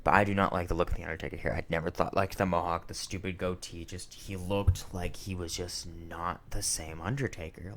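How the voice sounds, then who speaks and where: A man's voice: deep voice, moderate pace, creaky, darkish tone. A man in his twenties chatting casually through a wrestling review, rambling with lots of fillers, swearing now and then and getting emotional. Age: 20s. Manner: emotional, sentimental.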